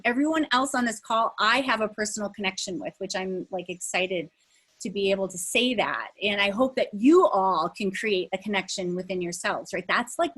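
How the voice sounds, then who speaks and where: A woman's voice: medium pitch, fairly bright tone, breathy edge, rough recording. A middle-aged woman leading a live online workshop over a video call, talking in a conversational way with many fillers and restarts. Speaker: workshop facilitator.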